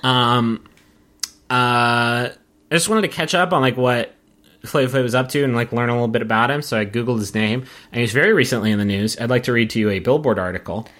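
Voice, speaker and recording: A man from Appalachia hosting a casual comedic podcast, telling stories with lots of swearing. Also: brisk. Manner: animated storytelling, swearing, jumping up in pitch for quotes. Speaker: podcast host.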